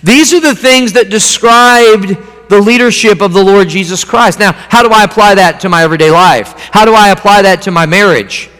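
A man's voice: sits high, moderate pace, hardly any pauses, fairly bright tone, clear, resonant tone. A man preaching a sermon in a folksy, conversational way, repeating phrases as he teaches from a handout. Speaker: pastor. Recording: long hall reverb.

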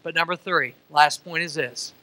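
A middle-aged man from Missouri preaching a sermon as pastor. He uses call-and-response questions and swings from soft to loud. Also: fairly high pitch, normal speed, dry recording, low-quality recording.

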